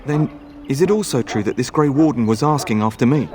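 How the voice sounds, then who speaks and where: A man's voice: mid-range voice, lively intonation, brisk, a crowd in the background, natural voice. A man voicing an earnest young castle knight in a fan dub, formal and courteous. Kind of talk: fan voice acting over a game.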